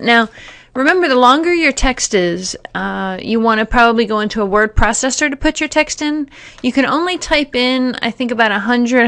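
Woman with a gravelly voice, explaining steps. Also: fairly high pitch, a bit bright. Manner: plain, step-by-step explaining with fillers. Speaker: teacher giving a software tutorial. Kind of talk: screen-recorded tutorial narration.

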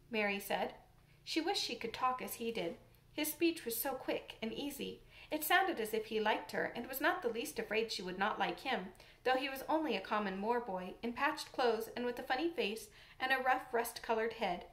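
A woman's voice: fairly high pitch, lively intonation, normal speed, a bit bright, echoey room. Woman narrating a classic storybook. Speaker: audiobook narrator.

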